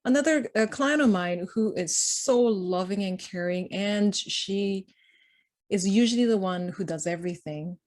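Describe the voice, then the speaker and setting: A woman's voice: mid-range voice, unhurried. A middle-aged woman gives a conversational presentation. She tells everyday family stories and slips into the voices of the people she quotes. Laughter comes often as she talks. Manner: animated storyteller, acts out quoted lines, laughs often. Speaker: conference speaker.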